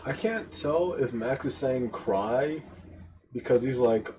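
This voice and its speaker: A man's voice: medium pitch, sing-song, normal speed, darkish tone, slight background noise, poor audio. A man giving casual reaction commentary, thinking aloud about what he hears.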